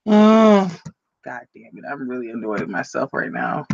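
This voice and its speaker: A woman's voice: rumbling low, huge pitch swings, moderate pace, vocal fry, a little mellow, no room sound, lo-fi sound. A woman chatting on a live stream in a rambling, flustered way, often laughing at herself. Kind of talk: casual live-stream chat. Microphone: computer microphone.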